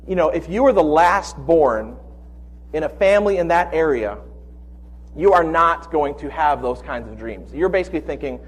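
A man in his forties preaching a sermon, telling personal stories with animated quoted voices. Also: a little high, moderate pace, slightly rough. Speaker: pastor.

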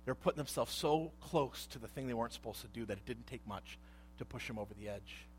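A man in his thirties preaching a sermon, animated and conversational, dropping to hushed asides and rising to loud emphasis. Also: medium pitch, fast talker, a little hiss or hum. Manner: animated, acts out voices in quotes, swings between hushed asides and loud emphasis. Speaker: pastor.

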